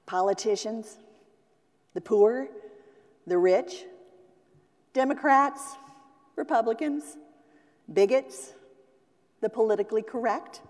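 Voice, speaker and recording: A woman pastor preaching a sermon, slow and deliberate, sometimes acting out the voices she quotes. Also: medium pitch, darkish tone, big-room sound. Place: church sanctuary.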